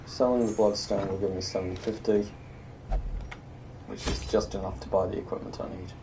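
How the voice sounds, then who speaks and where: A man's voice: deep voice, steady tone, normal speed, far from the mic, background noise. A young British man giving casual, sardonic commentary while streaming a game, muttering to himself and breaking into exasperated rants.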